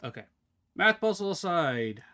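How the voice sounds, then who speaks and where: A man live-streaming a game, chatting casually with his viewers as he plays, talking fast and slurring his words together. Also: high voice, big pitch swings, bright, forceful tone. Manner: chatty, talks to chat while fiddling with settings. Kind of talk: casual live-stream chat while gaming.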